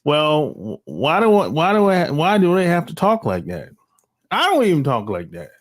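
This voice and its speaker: This time the middle-aged host's slightly high voice swoops wildly in pitch at a normal speed. He delivers a casual, rambling opinion piece on his own channel, bluntly and in slang, with sighs, restarts and profanity.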